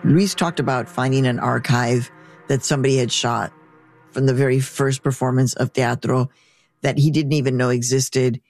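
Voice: medium pitch, fairly even intonation, normal speed, darkish tone, soft background music. An interviewer asking questions in an enthusiastic, effusive way.

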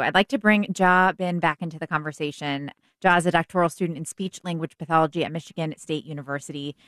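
A woman with a low voice hosts an interview and asks calm, measured questions. The recording is dry and close. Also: dry recording. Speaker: host. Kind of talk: interview hosting.

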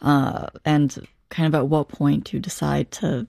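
A woman interviewer asking gentle, hesitant questions in a conversational interview. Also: low-pitched, little pitch movement, measured pace, gravelly, no echo.

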